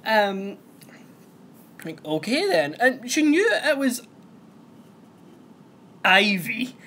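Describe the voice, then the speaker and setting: Young man, host of a recap show; unhurried, rambling delivery, trips over names and corrects himself. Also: high voice, sing-song, pushed and bright. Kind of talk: casual TV episode recap.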